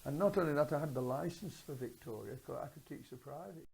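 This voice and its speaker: A woman's voice: sits low, quick pace, gravelly, a little mellow, rough recording. An older woman telling rambling stories in an oral history interview. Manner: rambling anecdotal storytelling. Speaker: interviewee, former swimming teacher.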